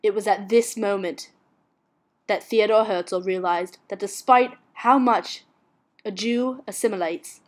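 Woman reading a history report, steady and even, middle voice. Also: mid-range voice. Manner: steady, read-aloud delivery. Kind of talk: school-project narration.

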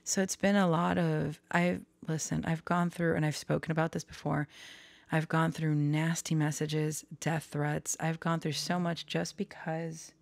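A woman's voice: sits low, little pitch movement, measured pace, gravelly, no room sound. A woman vlogger talking candidly and hesitantly to her viewers, often dropping into a whisper. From Florida. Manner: soft, hesitant, confiding, drifts into whispers. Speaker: tarot vlogger. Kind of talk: candid personal talk to camera.

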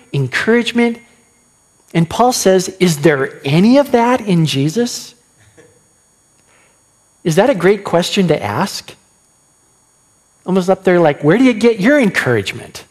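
A man preaching a sermon as pastor, animated and questioning his listeners, acting out quoted lines. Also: high voice.

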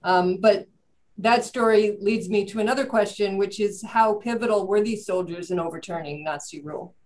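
A woman's voice: mid-range voice, moderate pace, darkish tone, rough recording. A woman moderating an interview, asking questions hesitantly with fillers.

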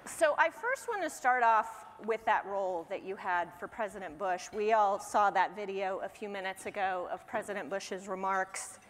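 A woman's voice: mid-range voice, normal speed, few pauses. Female moderator, conversational, hall reverb, faint noise. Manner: polite, conversational. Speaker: panel moderator. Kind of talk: introducing a guest on stage. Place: large conference hall.

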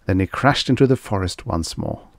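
Expressive low-voiced male audiobook narrator. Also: moderate pace, dry recording. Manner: expressive storytelling. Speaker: audiobook reader. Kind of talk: scripted narration of vintage science fiction.

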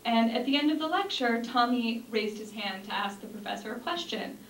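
A woman's voice: on the high side, lively intonation, a little fast, fairly bright tone. A young woman giving an earnest talk to an audience, with frequent ums and restarts. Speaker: speaker. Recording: echoey room from a distance, faint noise.

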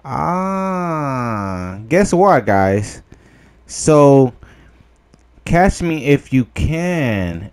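A young man giving casual gameplay commentary, excitable, laughing often and yelping in disbelief. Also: mid-range voice. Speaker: gameplay video host.

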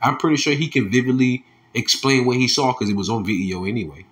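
A heated male preacher, who reads scripture in a low, slow voice and then breaks into angry, mocking street talk. He curses freely and scoffs as he preaches. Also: fairly bright tone. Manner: heated, profane, mocking, drops to low tones reading verses. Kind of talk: scripture commentary with angry asides.

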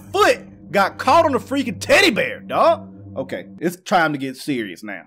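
Young guy yelling and joking through a horror game, high voice that jumps all over. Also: moderate pace, noisy background. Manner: excitable, slangy banter with viewers. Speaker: gaming commentator. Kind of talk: horror game let's-play commentary.

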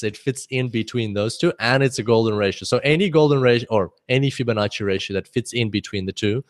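A man teaching a trading webinar off the cuff, chatty, thinking aloud and laughing often. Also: medium pitch. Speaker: forex trading instructor.

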